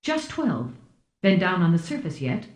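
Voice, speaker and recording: A woman doing a relaxed, genial man at the head of a telepath network in an audiobook. He talks easily, and the recording has a roomy echo. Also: high voice, unhurried, heavily acted. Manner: relaxed, chuckling. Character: genial senior male telepath leader.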